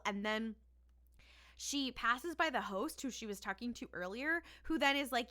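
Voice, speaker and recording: A woman's voice: fairly high pitch, normal speed. A woman co-hosting a podcast, casually recapping a TV episode with frequent laughter and free swearing. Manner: laughs often, swears freely, animated retelling. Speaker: podcast co-host.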